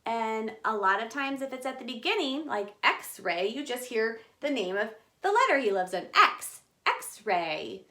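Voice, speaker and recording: A woman hosting a children's storytime, reading a picture book aloud and talking directly to young kids in an animated, expressive way. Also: a little high, normal speed, hardly any pauses.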